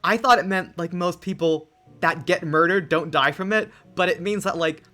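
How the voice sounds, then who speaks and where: A woman streaming a game, chatting excitedly with quick jokes and asides over soft music. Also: fairly low pitch. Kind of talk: casual let's-play chat. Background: soft lofi music.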